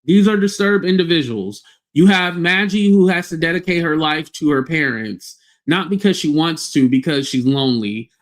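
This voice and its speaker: A man's voice: a little high, expressive, normal speed. A man hosting a livestream, ranting bluntly and scornfully with plenty of profanity. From United States. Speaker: livestream host. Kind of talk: casual livestream rant.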